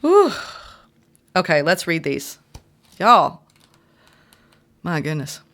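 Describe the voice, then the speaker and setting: A woman's voice: fairly low pitch, big pitch swings, slow, fairly bright tone. Heartfelt woman giving a tarot reading. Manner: heartfelt, spiritual, reads card meanings aloud; emotional and effusive. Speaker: tarot reader.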